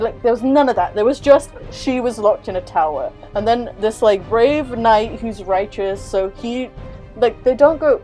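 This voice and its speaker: A woman's voice: mid-range voice, a little slow, warm tone, soft background music, rough recording. Exasperated young woman ranting casually. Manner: exasperated, sarcastic, swears freely. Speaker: host.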